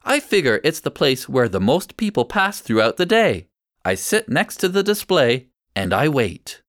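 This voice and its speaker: Male audiobook narrator, first-person story, measured and clear, animated pitch, dry close sound. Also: dry recording.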